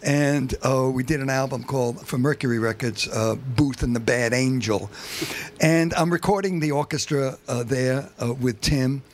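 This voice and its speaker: Older man telling a lively anecdote. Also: medium pitch, normal speed. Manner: animated anecdotes, many restarts. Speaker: interview guest. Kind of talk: casual storytelling. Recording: faint background noise.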